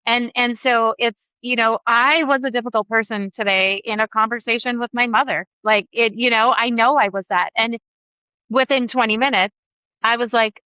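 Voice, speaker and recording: A woman with a bright, forceful voice speaks as a podcast guest. She talks earnestly and reflectively and draws on her own life. The remote audio is dry and a little dull. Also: a little high, steady tone, moderate pace, clear, resonant tone, dry recording. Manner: earnest, reflective, shares personal examples. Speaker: guest facilitator. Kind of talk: conversational interview.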